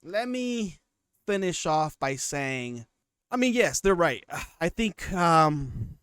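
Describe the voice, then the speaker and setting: A man's voice: fairly high pitch, big pitch swings, takes it slowly, a bit bright, clean tone, no room sound, studio quality. A man in his twenties giving casual commentary on his channel, rambling and often restarting his sentences. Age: 20s. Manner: rambling, restarts and repeats himself. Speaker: commentary YouTuber.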